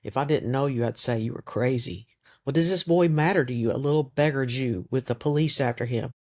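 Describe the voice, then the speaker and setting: A man's voice: mid-range voice, fairly quick, close to an everyday voice. A man reading the lines of a hostile, bullying drunken village man in an audiobook. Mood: scornful. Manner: sneering, bullying.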